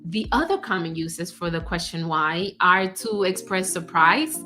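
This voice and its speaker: A woman career coach giving casual advice, animated, acting out example phrases and laughing often. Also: mid-range voice, moderate pace, few pauses, soft background music. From United States.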